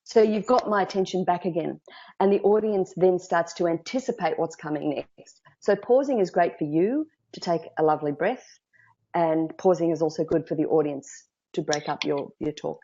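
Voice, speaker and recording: An Australian woman speaking as a public speaking coach, with a low, mellow voice. She talks lively and emphatic, acting out the thoughts of nervous speakers. The audio is dull and lo-fi, as from a video call. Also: normal speed. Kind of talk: interview guest advice.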